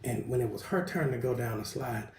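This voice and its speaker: A pastor, preaching an animated sermon and calling out to the congregation. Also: male voice, medium pitch, fairly quick, vocal fry. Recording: echoey room with faint background noise.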